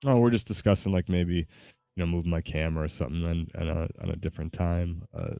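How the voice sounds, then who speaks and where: A gaming streamer chats casually while playing, rambling and hesitating with lots of fillers. His deep, warm, creaky voice holds a steady tone but moves fast. He speaks into a desk mic with a webcam, and there's no room sound.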